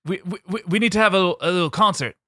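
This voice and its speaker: A man's voice: sits high, fast talker, sharp tone, no echo, clean studio sound, voice pushed up. A man voicing the holly king as an eager, slangy pop star.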